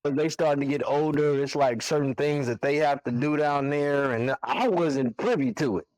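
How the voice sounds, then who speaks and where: A man's voice: on the high side, normal speed, no room sound, rough recording. Storytelling man, dry close sound. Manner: animated storyteller, acts out his own reactions. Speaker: podcast guest, barber and single father. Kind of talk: casual storytelling interview.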